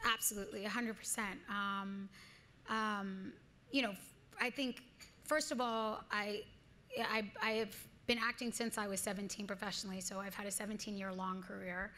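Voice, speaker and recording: Bright, earnest woman in her thirties. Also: medium pitch, moderate pace, a little hiss or hum. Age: 30s. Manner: earnest, animated storyteller, frequent restarts. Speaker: guest actress. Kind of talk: onstage interview conversation. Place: live event stage.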